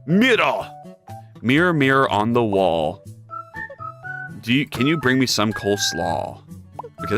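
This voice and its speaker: A streamer working through a live modeling session, talking in a lively voice that swings up and down freely. The talk is loose and jokey, full of restarts and replies to chat. A faint music track plays behind the voice. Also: mid-range voice. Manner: chatty, jokey, reads chat aloud and answers it; rambling with frequent restarts and repeated words. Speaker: streamer and game developer. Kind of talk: casual livestream chat while 3D modeling.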